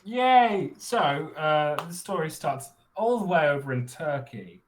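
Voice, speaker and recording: Man, storyteller, joking, hesitant restarts, lively swooping intonation, slightly high. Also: unhurried, a little hiss or hum. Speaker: storyteller panelist. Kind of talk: casual storytelling.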